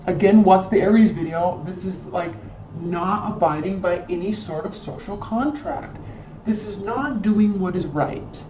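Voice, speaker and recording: In a medium-pitched, warm voice, the tarot reader talks unhurriedly, yet her delivery is emphatic and scolding, with phrases repeated for emphasis. The recording is echoey and distant, with a little background noise.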